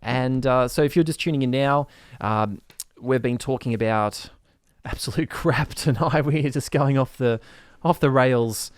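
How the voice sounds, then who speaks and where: Male podcast host, mid-pitched, hesitant and chatty, in a dry room. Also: a little slow, clean tone, no echo. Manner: hesitant, lots of fillers. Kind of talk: casual chat.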